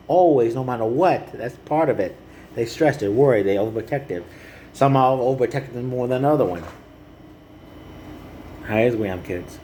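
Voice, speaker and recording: A man speaking earnestly to the camera in a rambling personal monologue, halting and repeating "you know" often. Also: medium pitch, expressive, mellow, slight background noise, rough recording. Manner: earnest and heartfelt.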